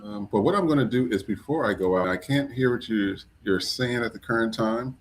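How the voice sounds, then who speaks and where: A man's voice: mid-range voice, fairly quick, slight background noise. A man hosting a live podcast, casually greeting viewers while fixing technical trouble. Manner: relaxed, fumbling with tech, shouting out viewers. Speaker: podcast host. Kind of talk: casual live-stream chat.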